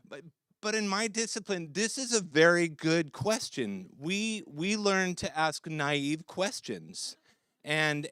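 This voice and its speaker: A man performing a stand-up comedy set, telling an animated personal story on stage, full of fillers and acted-out quotes. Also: a little high, clear, resonant tone. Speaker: researcher doing stand-up. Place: stage before a live audience.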